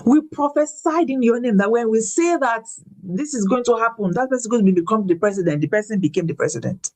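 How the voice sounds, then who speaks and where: A woman shares her faith testimony in an animated, preacherly way. She repeats words when she is emphatic, and her voice leaps upward as she retells a story. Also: on the high side, fast. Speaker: guest speaker. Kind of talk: faith-based personal testimony.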